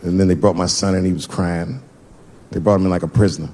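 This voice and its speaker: A man's voice: low voice, fairly even intonation, fast, warm tone. A middle-aged man on stage doing a stand-up routine, telling a story loosely and acting out the quoted lines. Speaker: stand-up comedian. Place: comedy stage before an audience. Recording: noisy live stage recording.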